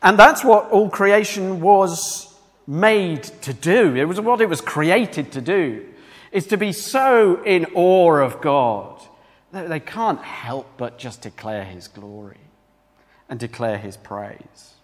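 A man's voice: on the high side, expressive, slow, long reverb tail. A man preaching a sermon in a church, talking conversationally and asking the congregation questions.

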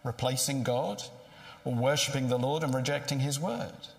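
A man's voice: medium pitch, moderate pace, vocal fry. A man preaching a sermon in a conversational way, asking rhetorical questions. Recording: echoey hall with long reverb.

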